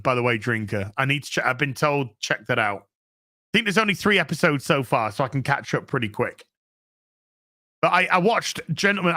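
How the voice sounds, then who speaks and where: A man hosting a livestream, reading out superchats in an animated, sweary way with quick asides. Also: mid-range voice. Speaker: streamer host.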